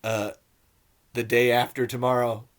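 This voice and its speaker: A man's voice: medium pitch, little pitch movement, a little slow. Rambling, profane male podcast host. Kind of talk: casual movie commentary.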